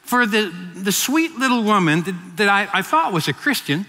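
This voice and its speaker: A man's voice: high-pitched, very animated, normal speed, bright, forceful tone, long reverb tail, slight background noise. A man in his fifties preaching a sermon as a pastor, telling stories with frequent restarts and repeated words. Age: 50s.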